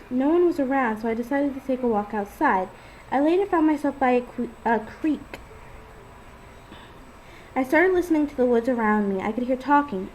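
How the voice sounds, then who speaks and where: A woman's voice: high voice, a little mellow, a little hiss or hum, low-quality recording. A woman casually reading her own first-person story aloud. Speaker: fan fiction author and reader.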